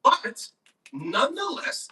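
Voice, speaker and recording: A man co-hosting a casual podcast who swears freely and slips into loud rants. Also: extremely high pitch, huge pitch swings, distant mic. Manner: loud, swearing, quick to rant. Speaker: podcast co-host. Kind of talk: casual profane chat.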